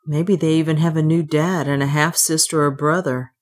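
A woman's voice: deep voice, fairly even intonation, moderate pace. A woman voicing a weary, bitter male worker thinking of home in a storybook reading. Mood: wistful.

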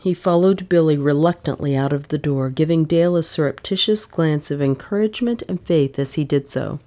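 Low-voiced woman narrating a mystery. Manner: even, measured storytelling. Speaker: audiobook narrator. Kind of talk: scripted narration.

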